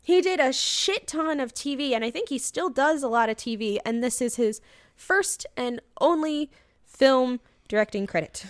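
A woman's voice: high voice, animated, normal speed, dry recording, studio quality. A woman co-hosting a podcast in casual chat, rambling with lots of fillers and casual swearing. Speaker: podcast co-host.

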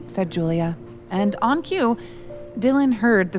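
A woman reading scripted audio drama narration in a steady, even manner. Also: medium pitch, a little slow, faint music behind.

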